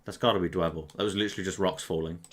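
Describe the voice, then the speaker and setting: A man's voice: low voice, fairly even intonation, very fast, very noisy. A young man playing a quiz at his computer, thinking aloud in casual, self-mocking commentary full of swearing. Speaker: quiz player. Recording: clear mouse clicks behind.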